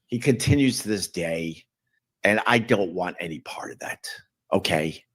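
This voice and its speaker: A man's voice: low-pitched, animated, unhurried, a bit bright. A man streaming to his viewers, rambling and grumbling about things in a long monologue. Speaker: streamer in a played video.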